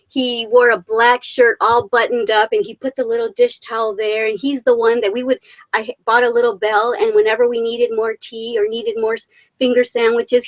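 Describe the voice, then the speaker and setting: A woman with a somewhat high voice hosts a casual live chat. She reads viewers' comments aloud, laughs often and gushes with affection, with a tired, emotionally worn edge underneath. The sound is dry and close, with no room echo. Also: lo-fi sound. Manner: affectionate and chatty. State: emotionally worn after a hard weekend. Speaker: live stream host.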